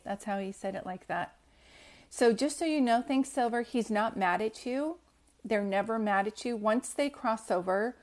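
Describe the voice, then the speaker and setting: Soft-spoken lady medium on a livestream, gentle, reassuring, lots of ums and pauses, mid pitch. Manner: gentle, reassuring, hesitant with many fillers. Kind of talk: casual live reading.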